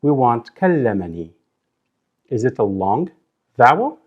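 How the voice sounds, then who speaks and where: A man teaching a language lesson, slowly repeating words and breaking them into drawn-out syllables. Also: mid-range voice, big pitch swings, husky, lo-fi sound. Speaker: Arabic teacher. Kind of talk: slow instructional explanation.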